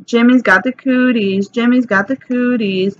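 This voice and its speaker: A woman voicing a whiny, teasing young schoolgirl with a shrill, pleading tone. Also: fairly even intonation, unhurried, natural voice. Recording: slightly dull recording, faint hiss.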